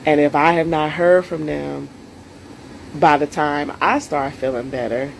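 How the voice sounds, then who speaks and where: Earnest woman with a gravelly voice. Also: low voice, measured pace, a little hiss or hum, rough recording. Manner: earnest, speaks straight to viewers; emotional. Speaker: self-care coach. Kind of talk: solo live stream talk.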